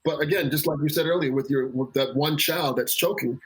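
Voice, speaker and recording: A man's voice: on the high side, brisk, breathy edge, poor audio. A man, a children's pastor, speaking as an interview guest with impassioned, earnest conviction and repeating words as he builds his points. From South Florida.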